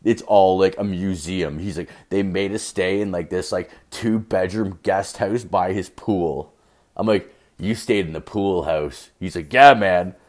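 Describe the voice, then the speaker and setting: A man's voice: deep voice, a little slow, darkish tone. Profane, rowdy young man telling stories. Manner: profane, rowdy, acts out both sides of dialogue. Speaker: podcast host. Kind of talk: casual storytelling monologue.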